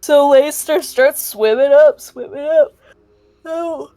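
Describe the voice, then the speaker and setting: A woman's voice: sits high, slow pace, mellow, no room sound. A woman playing a tabletop game online, rambling casually through a recap, swearing offhand and acting out bits of dialogue. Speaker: player.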